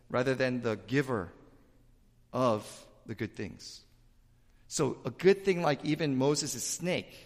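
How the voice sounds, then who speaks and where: A man preaching to his congregation, his voice sitting mid-range and rising into loud, emphatic bursts. Long reverb from the church room trails after each phrase. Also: medium pitch. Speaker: pastor. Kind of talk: sermon. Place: church sanctuary.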